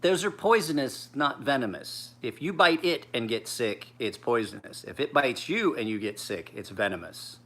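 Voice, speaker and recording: A man's voice: mid-range voice, lively intonation, moderate pace, hardly any pauses, fairly bright tone. A man in his forties, tired, chatting casually as a knife sharpener in a rambling, profane, laid-back way. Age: 40s.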